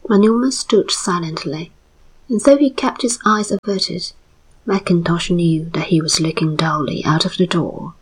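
Woman whispering a story, slow and measured, very breathy. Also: fairly low pitch, poor audio. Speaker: narrator.

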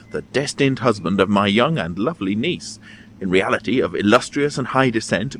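A man reading the lines of an excitable eccentric old male stargazer in a storybook, with hurried, eager declaiming. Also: medium pitch, slight background noise, close to an everyday voice.

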